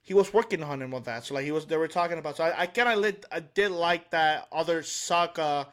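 Halting higher-voiced man on a podcast. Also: a bit bright. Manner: halting, searching for words. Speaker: podcast co-host. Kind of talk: casual podcast chat.

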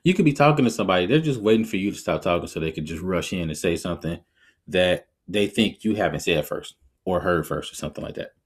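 A man hosting a podcast, giving his opinions in a casual, animated way and often laughing as he talks. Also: deep voice, quick pace, husky. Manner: conversational, reflective. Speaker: podcast host.

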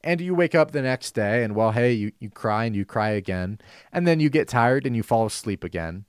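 A man's voice: mid-range voice, animated, smooth, dry recording, studio quality. Earnest man hosting a faith talk show. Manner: earnest, measured, repeats phrases for emphasis. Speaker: host. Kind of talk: Christian talk show monologue.

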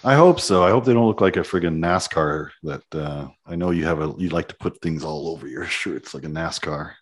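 A man's voice: extremely low pitch, brisk, breathy edge. A man co-hosting a podcast, chatting in a laid-back, teasing way with short replies. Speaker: co-host. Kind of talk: casual podcast chat.

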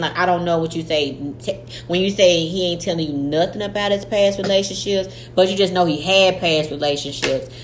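A woman co-hosting a podcast, giving blunt, slangy advice in casual chat. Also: fairly low pitch. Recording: echoey room with faint noise.

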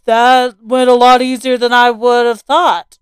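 A woman voicing a gruff, determined middle-aged father in a horror story, blunt and cussing. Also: a little high, level tone, a little slow, no echo, natural voice. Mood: wry.

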